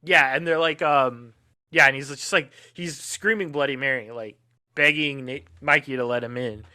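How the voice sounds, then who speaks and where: A young man with a bright, smooth, slightly high voice, chatting about a film on a podcast. He gropes for words with many "like"s and "um"s. The sound is dry and close. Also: moderate pace, dry recording. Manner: hesitant, many fillers and restarts. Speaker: podcast co-host. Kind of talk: casual film discussion.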